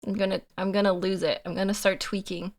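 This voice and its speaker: A young woman streamer chatting casually with her viewers, giggly and animated, laughing often. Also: medium pitch, fast. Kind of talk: casual live-stream chat.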